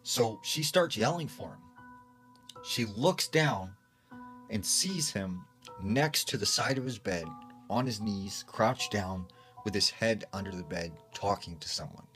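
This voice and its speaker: A man's voice: on the low side, lively intonation, measured pace, fairly bright tone, faint music behind. A man casually retelling a scary story secondhand, with lots of fillers.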